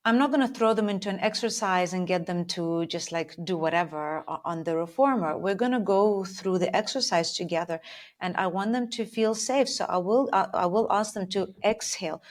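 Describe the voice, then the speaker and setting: A woman's voice: medium pitch, moderate pace. A woman working as a Pilates instructor, explaining her coaching approach in a thoughtful, step-by-step conversational way.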